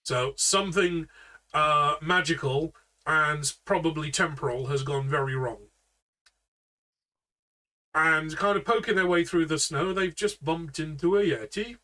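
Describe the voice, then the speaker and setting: A man's voice: on the high side, unhurried, bright, forceful tone, distant mic, rough recording. A man running a tabletop game from his bedroom, narrating and joking playfully. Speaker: game master. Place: bedroom at home.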